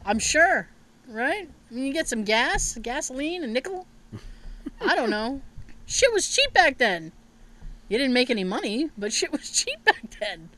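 A woman hosting a podcast, telling a family story in casual chat, animated and swearing freely with frequent laughter. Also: high voice, a little slow. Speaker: podcast host.

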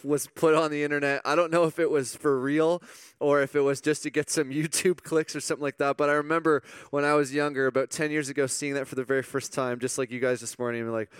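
A man preaches in a loose, chatty way, full of asides and little jokes. His voice sits a bit high and sounds smooth and close, with a dry, deadened sound. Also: brisk, a bit bright, no room sound. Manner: chatty, informal, jokey, many fillers. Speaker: assistant pastor. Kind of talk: casual sermon.

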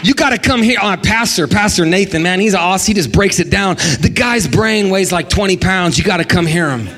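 A middle-aged man preaching an energetic sermon as a guest preacher, animated, acting out the people he quotes and calling on the congregation to respond. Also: sits high, fairly quick.

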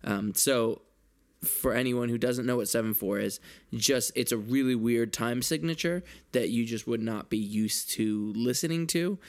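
Gravelly-voiced man reviewing an album. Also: mid-range voice, unhurried. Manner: upbeat and enthusiastic, explains things plainly. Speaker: podcast co-host. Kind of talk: casual music review chat.

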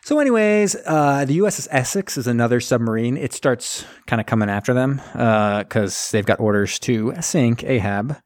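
A young man chatting on a podcast, telling a film's story in a joking, animated way and acting out the lines of the people in it. His voice sits at an ordinary middle pitch. It is recorded dry, with no room around it. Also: normal speed, few pauses, no echo. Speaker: podcast co-host. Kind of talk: casual movie recap chat.

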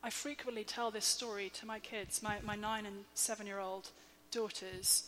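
A woman in her thirties preaching a sermon, slow, measured and emphatic, with soft quiet dips. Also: mid-range voice, steady tone. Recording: long hall reverb, faint hum.

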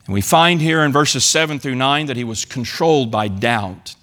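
A man's voice: medium pitch, moderate pace, pushed and bright. A man preaching a sermon in church, earnestly acting out the psalmist's pleas. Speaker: pastor.

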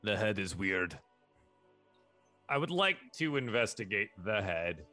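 A man plays a tabletop game in a chatty, playful way. His voice is bright and low-pitched, with a lively pitch range. Faint music plays behind. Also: unhurried. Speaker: player. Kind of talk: casual tabletop play.

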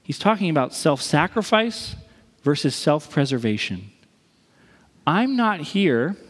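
A man preaching a sermon in a conversational, animated way, acting out the voices he quotes. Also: a little high. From Missouri. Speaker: pastor. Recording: reverberant hall.

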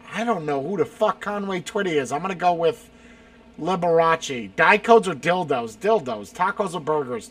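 High, lively man in casual chat. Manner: quick answers, swearing, bursts of shouting and laughter. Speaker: streamer answering rapid-fire questions. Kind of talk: casual chat, lightning round.

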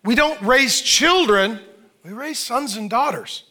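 A middle-aged man preaching a sermon in an animated, joking way. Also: extremely high pitch, slow. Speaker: pastor.

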